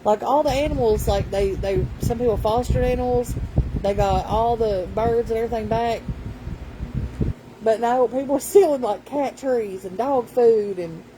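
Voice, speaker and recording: A woman's voice: on the high side, normal speed, noisy background. A woman, telling a rambling story in casual vlog chat. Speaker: vlogger.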